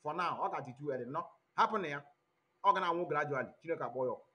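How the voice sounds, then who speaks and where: A man with a Nigerian accent hosting an online commentary stream, talking in an animated way and switching between Igbo and English mid-sentence. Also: fairly high pitch, rapid-fire. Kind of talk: livestream commentary. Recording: dull lo-fi audio.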